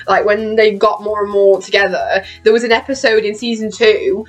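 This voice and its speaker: A woman's voice: mid-range voice, fairly even intonation, moderate pace. A young British woman with a British accent, chatting casually on her vlog, laughing often and swearing freely. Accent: British English. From Britain. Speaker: vlogger. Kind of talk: casual chat about a TV show.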